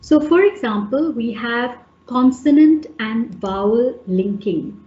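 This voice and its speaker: A woman's voice: on the high side, expressive, slow, mellow. A woman leading an online teacher-training webinar, explaining step by step with fillers and restarts. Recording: echoey, dull webinar audio.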